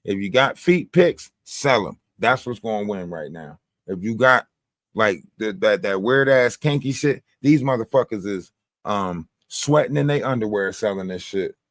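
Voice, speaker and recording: Profane, animated male livestream host. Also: fairly low pitch, moderate pace, no room sound, studio quality. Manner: profane, animated storytelling with mimicked quotes. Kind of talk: casual livestream commentary.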